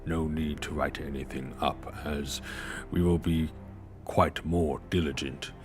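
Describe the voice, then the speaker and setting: A man voicing a formal, apologetic male ship captain who speaks slowly and politely. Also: a bass voice, fairly even intonation, over music, voice pushed down. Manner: stiff, polite, slow and formal.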